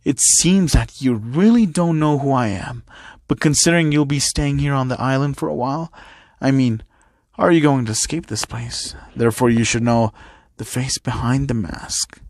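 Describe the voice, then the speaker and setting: A man's voice: mid-range voice, moderate pace, darkish tone, no echo, close to an everyday voice. A man voicing a sneering masked male villain who mocks his enemy and speaks of revenge, in a dry recording. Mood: taunting. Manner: taunting, mocking.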